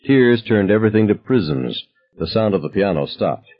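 A man with a low, husky voice narrates an audiobook in the first person. His telling is wry and reflective. The recording sounds dull and lo-fi. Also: animated, moderate pace.

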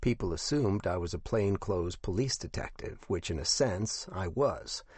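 A man with a fairly low voice reads a first-person novel in a measured, even manner. The recording is close and dry, with no room sound. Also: husky, dry recording. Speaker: audiobook narrator. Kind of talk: first-person scripted narration.

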